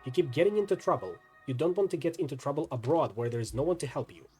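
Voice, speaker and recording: A man voicing a worried, scolding mother in a story game, talking quickly. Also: on the high side, expressive, darkish tone, soft background music, close to an everyday voice.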